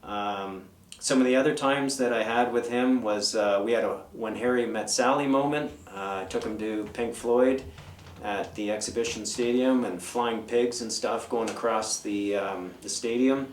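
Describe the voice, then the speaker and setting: A man's voice: mid-range voice, normal speed, far from the mic, a little hiss or hum. A man in his fifties, a guest in an interview, telling loose, rambling stories and listing old band names. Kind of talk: casual storytelling. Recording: roomy, away from the mic.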